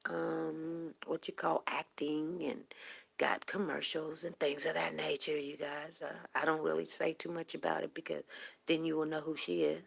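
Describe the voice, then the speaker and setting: A woman's voice: sits low, flat delivery, moderate pace, vocal fry, slightly rough. A woman in her fifties hosting a casual morning talk stream, telling rambling, chatty stories to her viewers. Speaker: morning talk show host. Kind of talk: casual chat on a livestream.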